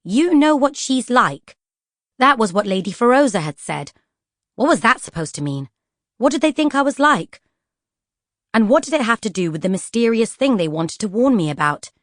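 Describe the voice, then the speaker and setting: A woman narrating a children's fantasy audiobook in an expressive storytelling style. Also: medium pitch, fairly quick, no room sound, clean studio sound. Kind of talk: scripted children's book narration.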